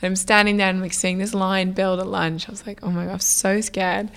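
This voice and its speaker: A young woman, a food business founder, telling stories in a casual interview in a chatty, lively way, acting out what people said. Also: mid-range voice, a little fast, clear, resonant tone. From United Kingdom. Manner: chatty, lively, many "like" fillers, acts out quoted dialogue.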